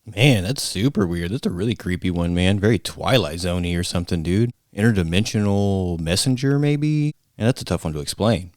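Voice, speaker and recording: A man's voice: low-pitched, expressive, fairly quick, hardly any pauses, a little mellow, no room sound, clean studio sound. A man hosting a reaction video, commenting casually and peppering his talk with "man" and "dude". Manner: laid-back, lots of "man" and "dude". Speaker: host reacting to clips.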